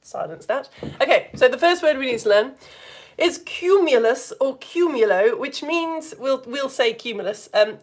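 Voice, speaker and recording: A woman with a Yorkshire accent teaching a live science lesson for all ages, lively and playful, slipping into silly voices for the actions. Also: high-pitched. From Yorkshire, England.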